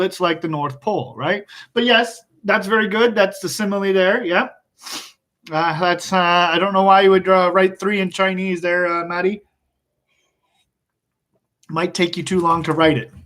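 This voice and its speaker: A male English teacher giving an online class, explaining slowly and patiently and chuckling often. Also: high-pitched, bright, forceful tone.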